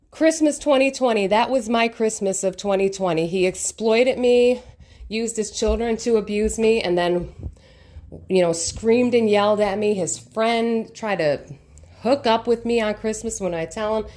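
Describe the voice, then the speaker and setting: A young woman recounts a painful personal story straight to camera. Her voice sits in a middle pitch, and she talks in a casual, emphatic and emotional way. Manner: emotional, emphatic, animated retelling. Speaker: vlogger.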